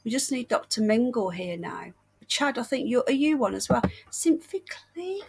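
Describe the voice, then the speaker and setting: Brief: British woman livestream host, husky voice, under the weather and breathless, warm endearments. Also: fairly high pitch, sing-song, moderate pace. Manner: chatty, affectionate, greets viewers with endearments. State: unwell, short of breath. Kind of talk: casual livestream chat.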